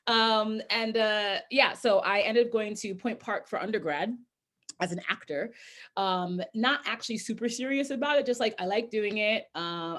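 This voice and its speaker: A woman from Pennsylvania giving a chatty, self-deprecating talk as a guest speaker over a video call, with many fillers. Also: on the low side. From Bucks County, Pennsylvania, US.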